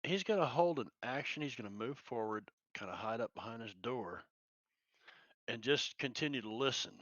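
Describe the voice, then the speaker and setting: A man's voice: mid-range voice, lively intonation, normal speed, a bit bright, no echo, lo-fi sound. A man playing a tabletop game, explaining his plans and trailing off. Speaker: player. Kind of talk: casual tabletop play.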